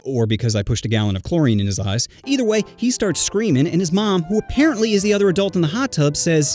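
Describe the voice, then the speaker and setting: A man's voice: a little high, very animated, fast, few pauses, darkish tone, soft background music. A man telling a comedic story in a brash, mocking way.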